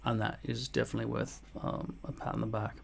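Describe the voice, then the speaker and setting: A man's voice: fairly low pitch, flat delivery, fast talker, vocal fry, slight background noise. A man, casually reading and answering viewer comments in a blunt, mock-boastful way, swearing often. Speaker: vlogger replying to comments. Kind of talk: casual comment-reply monologue.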